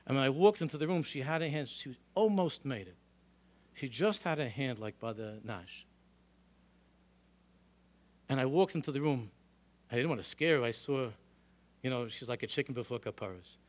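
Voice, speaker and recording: A middle-aged male rabbi lecturing a congregation in a synagogue, telling animated stories and throwing out rhetorical questions. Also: mid-range voice, normal speed, pauses often. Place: synagogue hall.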